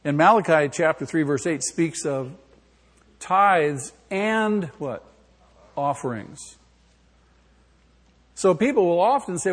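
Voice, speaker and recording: A man's voice: sits high, lively intonation, takes it slowly, long pauses, slightly rough. A male pastor preaching an emphatic sermon in a church, putting questions to the congregation. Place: church sanctuary. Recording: long hall reverb.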